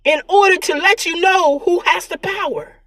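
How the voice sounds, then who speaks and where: A woman's voice: extremely high pitch, normal speed, a bit bright, dry recording. A tearful woman vlogger talking in an earnest, preachy monologue about faith and herself, often repeating her words. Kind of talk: emotional spiritual vlog monologue.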